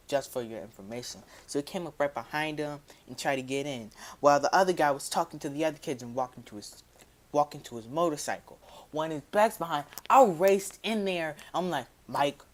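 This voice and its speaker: In a relaxed, meandering way, a man recounts something that happened to him, addressing his viewers with plenty of slang. Quoted asides come out in a lowered voice.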